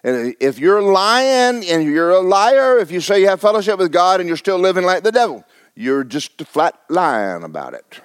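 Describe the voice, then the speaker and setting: A man's voice: sits high, sing-song, moderate pace, clear, resonant tone, no echo, clean studio sound. A man preaching a sermon, folksy and fiery, repeating phrases for emphasis. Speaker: pastor.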